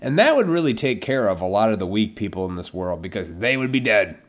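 A man's voice: fairly low pitch, big pitch swings, brisk. A man hosting a podcast alone, ranting with a lot of profanity and mockingly acting out the imagined people he argues with. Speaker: podcast host. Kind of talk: solo podcast rant.

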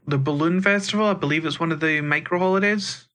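A man's voice: on the high side, fast talker, pushed and bright. A man with a Scottish accent co-hosting a gaming podcast, chatting casually and rambling a little. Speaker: podcast co-host.

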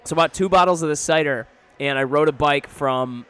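A man's voice: on the high side, brisk, a bit bright, smooth. A man hosting a podcast, chatting casually, poking fun at himself and swearing freely. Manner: self-mocking, swears freely. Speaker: podcast host. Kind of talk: casual chat.

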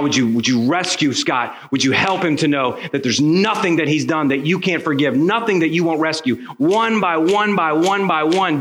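A pastor telling a personal story in a sermon, acting out the voices of the people in it. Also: male voice, on the high side. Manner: animated storyteller acting out dialogue.

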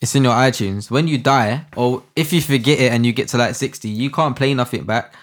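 A man's voice: medium pitch, fairly quick. A man in casual podcast banter, teasing and joking. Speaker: podcast co-host. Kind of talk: casual chat.

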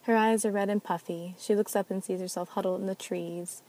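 Mellow-voiced woman narrating a drama. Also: medium pitch, steady tone, brisk, low-quality recording. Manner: reads all parts herself. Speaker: narrator and sole reader. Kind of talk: reading an amateur audio drama.

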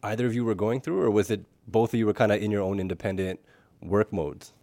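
Male co-host, low-pitched and laid-back, dry close mic. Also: quick pace, dry recording. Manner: relaxed, gives short backchannel replies. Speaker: podcast co-host. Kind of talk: casual interview chat.

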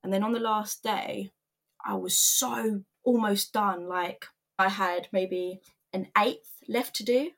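A woman's voice: medium pitch, steady tone, takes it slowly, gravelly, fairly bright tone. Candid young woman telling her story. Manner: candid, earnest, emotional retelling with quoted voices. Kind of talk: personal storytelling vlog.

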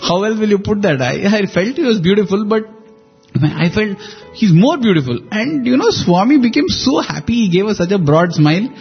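Husky man recalling fond stories. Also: high voice, sing-song, fairly quick. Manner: warm storytelling, reflective, laughs often. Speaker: radio show co-host. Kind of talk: conversational devotional reminiscence. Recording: dull lo-fi with faint music.

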